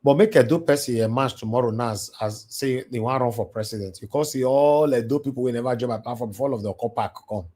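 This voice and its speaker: A man's voice: mid-range voice, fast, few pauses, dark tone. Preachy Nigerian man hosting a live stream. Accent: Nigerian, with Pidgin. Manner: preachy, repetitive, mixing English and Pidgin. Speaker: livestream host. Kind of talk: impassioned live-stream monologue. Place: alone in a large house. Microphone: computer mic on a live stream.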